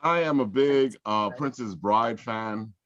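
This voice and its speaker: A man guest in a casual interview, jokey and expressive. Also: mid-range voice, slow pace, highs cut off, a loud crowd. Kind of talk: casual chat.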